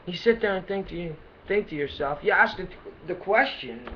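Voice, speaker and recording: A man speaking off the cuff to his viewers, halting and repeating himself before lifting into excitement. His voice sits a little high. The sound is dull and lo-fi, with faint noise behind it, as from a built-in computer mic. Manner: hesitant, many fillers and restarts, bursts of excitement. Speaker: self-help vlogger. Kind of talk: unscripted motivational talk to camera.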